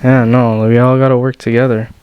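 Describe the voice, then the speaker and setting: A man's voice: medium pitch, level tone, brisk, highs cut off, slight background noise. A man in his twenties co-hosting a podcast, chatting casually and agreeably. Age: 20s. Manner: agreeable, affirming backchannels. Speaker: podcast co-host. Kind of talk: casual chat.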